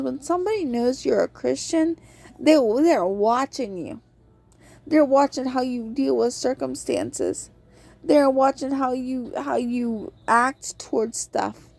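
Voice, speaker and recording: A woman's voice: high voice, takes it slowly, vocal fry, darkish tone, no echo. A woman hosting a podcast, giving a casual devotional talk on a Bible book and acting out quotes in an earnest storytelling tone.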